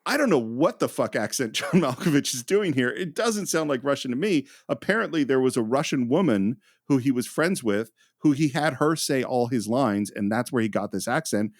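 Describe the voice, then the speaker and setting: A man's voice: mid-range voice, expressive, moderate pace, few pauses, no echo, studio quality. A man co-hosting a film podcast, chatting casually and enthusiastically about a movie. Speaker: podcast co-host.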